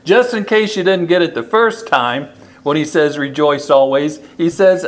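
This is a man giving a sermon at a slow, measured pace, repeating important phrases for emphasis, his voice slightly high.

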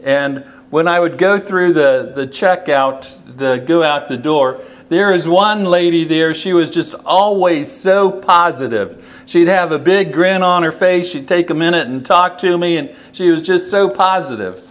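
Delivering a sermon, a man speaks with slow deliberation and returns to key phrases to drive them home. His voice is on the high side and a bit bright.

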